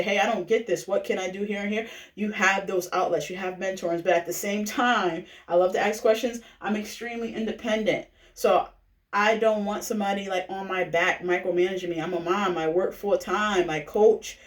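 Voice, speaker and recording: A woman shares her personal story in a loose, conversational way, leaning on fillers and quick check-ins with her listeners. Her voice sits at a distance from the mic. It bounces around a reverberant room. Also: on the low side. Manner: chatty, filler-heavy, keeps asking "right?". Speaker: direct-sales recruiter sharing her testimonial. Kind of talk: casual personal testimonial pitch.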